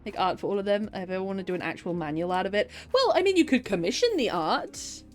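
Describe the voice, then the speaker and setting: A woman's voice: medium pitch, very animated, fast talker. Chatty woman streamer over faint music. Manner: chatty, laughs often, swears, reads chat aloud. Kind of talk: casual live-stream chat.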